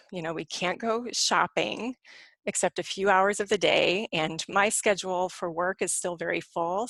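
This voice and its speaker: A middle-aged woman, a clinical social worker and spiritual counselor, giving a live webinar talk from home in a quick, rambling, conversational way with lots of fillers. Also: lowish voice, fairly bright tone, dry recording.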